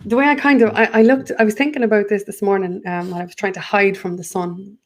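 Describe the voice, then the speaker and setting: An earnest woman with a lilt talks through her thoughts as a guest in a spiritual chat. She rambles and restarts often, circling back to her point with a light laugh now and then. Her pitch sits in a middle range for a woman. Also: fairly even intonation, fast. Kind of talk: spiritual conversation.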